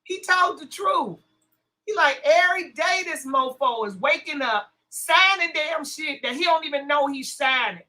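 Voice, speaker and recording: A woman's voice: high voice, a little slow, sharp tone, poor audio. A woman hosting a casual livestream, sassy and blunt as she talks back to her chat. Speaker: livestream host.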